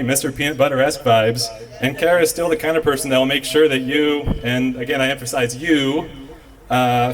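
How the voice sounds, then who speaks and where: A man giving a humorous toast for friends, with wry, self-deprecating jokes. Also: medium pitch. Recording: voice from a distant mic.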